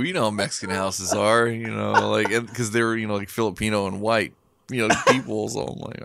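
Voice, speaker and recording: A man's voice: fairly low pitch, level tone, brisk, gravelly, a bit bright, slight background noise. A middle-aged man, a podcast co-host, telling a sarcastic story in casual chat, swearing freely and laughing often.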